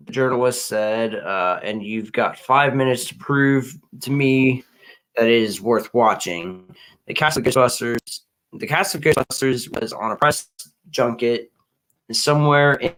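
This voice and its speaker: A man's voice: medium pitch, a bit bright, low-quality recording. A man co-hosting a casual commentary show, ranting in an exasperated, profane way with many restarts. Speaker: podcast co-host.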